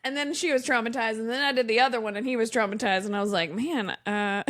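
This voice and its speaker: A woman's voice: fairly high pitch, racing. A woman and mother co-hosting a podcast, telling playful stories in casual chat. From southern United States. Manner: expressive, playful storyteller. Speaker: podcast co-host.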